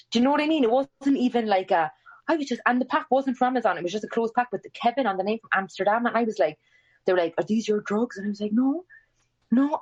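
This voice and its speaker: A twentysomething Irish woman appears as a podcast guest, telling a story in relaxed conversation. She's lively and swears freely, voicing quoted lines with big leaps in pitch, and the recording sounds muffled.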